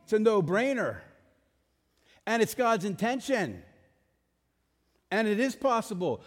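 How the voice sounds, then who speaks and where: A man's voice: high-pitched, big pitch swings, moderate pace, long pauses, big-room sound. A male pastor preaching a sermon, emphatic, putting rhetorical questions to his congregation.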